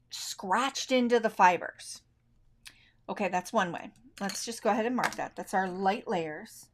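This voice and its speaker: A middle-aged woman teaching colored pencil technique on a live stream, talking in a relaxed, chatty way and thinking aloud as she works. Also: mid-range voice, a little slow. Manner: left-handed. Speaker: art instructor.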